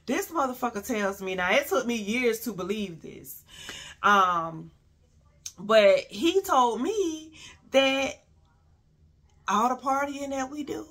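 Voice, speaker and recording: Woman, bright, slightly high voice, profane animated storyteller. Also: takes it slowly, long pauses. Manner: animated, profane, acts out quotes. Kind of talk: casual storytime.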